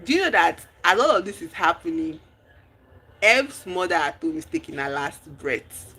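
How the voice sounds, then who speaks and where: A streamer, recapping a movie in casual chat, telling the story with lively exclamations and acting out the characters' lines. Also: medium pitch, moderate pace, husky. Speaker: livestream host.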